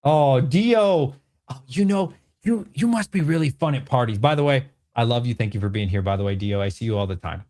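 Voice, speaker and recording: A man with an animated, bantering manner, hosting a casual livestream Q&A from home and answering chat comments. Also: medium pitch, fairly quick. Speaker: host.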